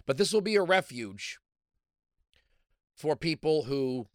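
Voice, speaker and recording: A man hosts a call-in talk radio show, rambling through his points with fillers and restarts. His voice sits a bit high and sounds dry and close on a studio microphone. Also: expressive, slow, no echo. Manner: talkative, frequent restarts and fillers.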